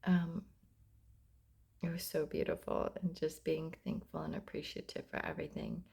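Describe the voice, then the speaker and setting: Low gravelly woman, soft and heartfelt. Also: little pitch movement, moderate pace. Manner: soft, drifting into whispers, laughs often. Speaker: mother sharing reflections. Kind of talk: casual heartfelt vlog talk.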